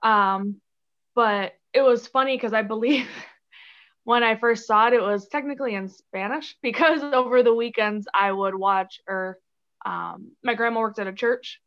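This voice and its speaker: A chatty, giggly woman from the Chicago area whose voice sits a bit high. She talks freely, with lots of fillers, and the audio is dull and lo-fi. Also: a little slow, fairly bright tone. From Chicago area, USA. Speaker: podcast guest. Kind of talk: casual interview chat.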